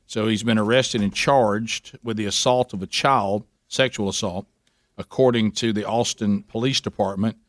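A man's voice: lowish voice, moderate pace, no room sound, clean studio sound. Rambling talk radio co-host man. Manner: rambling, animated when joking. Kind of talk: casual talk radio chat.

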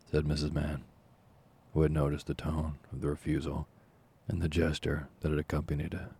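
Deep, gravelly narrator of a classic novel. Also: male voice, monotone, a little mellow. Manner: measured, formal storytelling. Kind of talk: audiobook reading of a classic novel.

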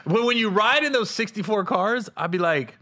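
A man's voice: high voice, normal speed. A man from Cincinnati hosting a podcast, telling stories in a casual comedic chat and acting out quotes. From Cincinnati, USA. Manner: animated storyteller, acts out quotes. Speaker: podcast host.

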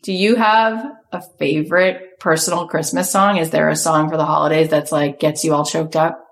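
Woman, host, low voice, enthusiastic, affirming. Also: fairly even intonation, normal speed. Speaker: podcast host. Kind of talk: conversational interview.

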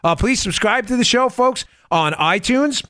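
A man hosting a political podcast, delivering a sarcastic, animated commentary monologue. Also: normal speed, no echo, studio quality. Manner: animated, sarcastic, mimics people in high voices. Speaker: podcast host.

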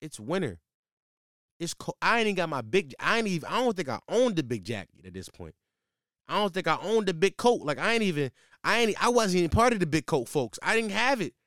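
A man's voice: brisk, no room sound, clean studio sound. Slangy young man telling a story. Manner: profane, slangy, animated; voice jumps high when exasperated. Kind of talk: casual storytelling.

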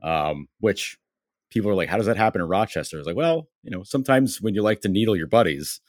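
Podcast guest, a male sports writer with a Western New York accent, deep voice, dry close sound, rambling anecdotes. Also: expressive, quick pace, no echo. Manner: rambling anecdotes, many fillers and acted-out quotes. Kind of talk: casual storytelling on a podcast.

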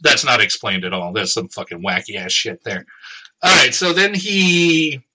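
A man co-hosting a podcast, casually retelling a novel's plot with profanity and quick voiced quotes. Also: mid-range voice, animated, bright, forceful tone, low-quality recording. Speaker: podcast co-host summarizing the book. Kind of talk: casual chat.

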